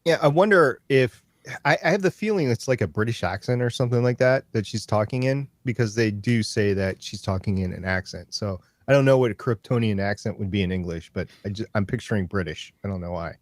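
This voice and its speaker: Male podcast host, lowish voice, dry sound, rambling and enthusiastic. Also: fairly quick, no echo. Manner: rambling, stop-start, enthusiastic. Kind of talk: casual podcast chat about comics.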